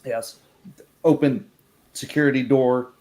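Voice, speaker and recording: A man with a mid-range voice plays a tabletop game, muttering short, clipped commands and thinking aloud. He speaks in an unhurried way. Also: mid-range voice, steady tone, dark tone. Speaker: player.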